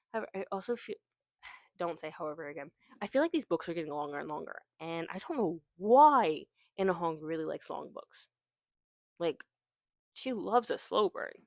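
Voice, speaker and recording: A woman's voice: low voice, no echo. Chatty woman rambling about books, keeps correcting herself, dry room. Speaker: booktuber. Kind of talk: casual chat about books.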